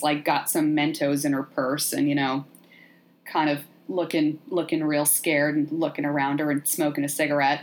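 A woman hosting a podcast, chatting casually as she retells a film with playful, animated asides. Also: deep voice. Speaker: podcast host.

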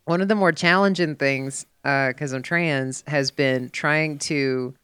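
A woman's voice: sits low, a little slow, fairly bright tone, clean tone, no room sound, studio quality. A woman chatting casually and candidly, swearing freely and rambling with fillers. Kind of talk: casual chat.

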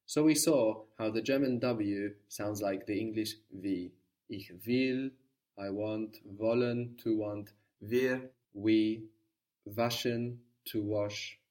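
A man's voice: on the low side, slow, a little mellow, distant mic. A man teaching an audio language lesson, patiently prompting a student and repeating the answers.

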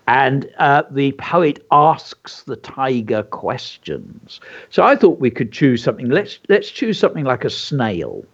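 On a children's educational show, a male co-host talks with teacherly enthusiasm, placing careful stress on words. His medium-pitched voice is husky and a little slow, swinging widely in pitch, and the sound quality is dull and lo-fi.

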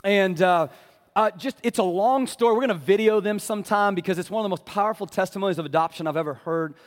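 A man preaching a sermon as a pastor, telling a story with a casual, passionate delivery that drops to a hush for tender moments. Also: high voice, quick pace, long reverb tail. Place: church sanctuary.

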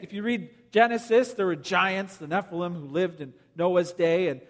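A male pastor preaching a sermon, animated and storytelling, joking with the congregation. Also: sits high, normal speed, few pauses. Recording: long hall reverb.

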